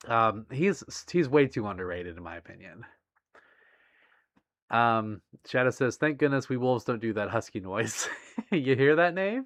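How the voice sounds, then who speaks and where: Male streamer, casual chat reading viewer messages, laughs a lot, lively pitch. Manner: giggly, bashful, laughs often between remarks. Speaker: livestream host.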